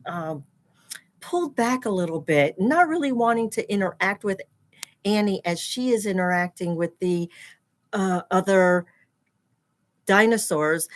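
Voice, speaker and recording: A woman teaching children as she reads a picture book aloud, explaining words and gasping and exclaiming at the pictures. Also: medium pitch. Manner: animated, explains terms, gasps and exclaims at pictures.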